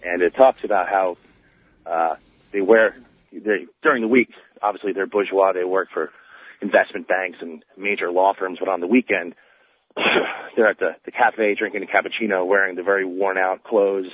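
A man from Long Island calls in to a radio show, speaking hesitantly with many fillers. His voice is low and a bit husky. It comes through a thin, tinny phone line. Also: fairly even intonation. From Long Island, New York. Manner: hesitant, halting, full of fillers. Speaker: caller.

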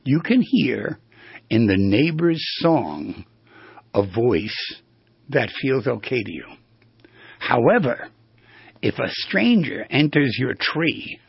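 Gravelly husky New radio host. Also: male voice, mid-range voice, no echo, lo-fi sound. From New York. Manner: rambling, storytelling, drifts between tangents. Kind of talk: casual talk on voice skills.

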